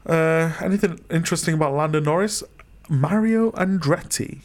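A man hosting a casual chat podcast, chatty and quick to laugh as he keeps the talk moving. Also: a little high. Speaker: podcast host.

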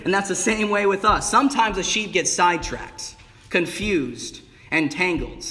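A young man preaching with a high, bright-pitched voice, bursting into emphatic peaks and calling out to his congregation. His sermon rings through a church hall with a long, echoing reverb. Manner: exuberant, rising to emphatic bursts with call-outs of "amen" and "hey". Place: church sanctuary.

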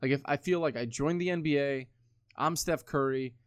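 A man's voice: mid-range voice, moderate pace, smooth, dry recording, clean studio sound. A man in his twenties talking casually, rambling with lots of swearing and filler words. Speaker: podcast co-host. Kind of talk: casual chat.

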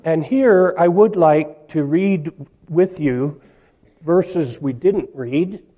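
A male preacher delivering a sermon at a slow, deliberate pace. His voice sits a little high for a man, yet it sounds mellow and soft. He reads scripture aloud and leans hard on the words he wants to stress.

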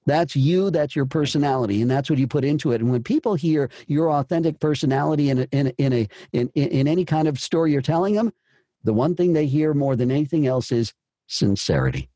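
A man's voice: on the high side, brisk, dark tone, dry recording. A man coaching a voice actor through a script, encouraging and repeating himself as he explains. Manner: encouraging, repeats words and restarts. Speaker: voice-over coach. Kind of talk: coaching session.

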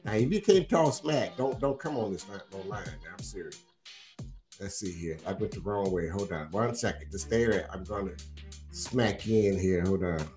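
A man's voice: deep voice, moderate pace, soft background music. A man hosting a casual livestream, teasing and drawling as he talks football smack with viewers. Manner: animated, teasing, drawling, repeats himself. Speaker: livestream host.

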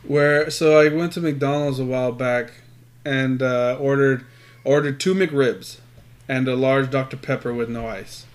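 A man's voice: medium pitch, unhurried. A man telling crude stories in casual, profanity-laced chat with a friend. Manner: profane, animated storytelling.

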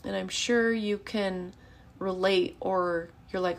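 A woman in her thirties giving an earnest, encouraging parenting lesson, acting out calm phrases a parent might say. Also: mid-range voice, slow, creaky. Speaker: parenting educator. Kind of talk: casual teaching monologue.

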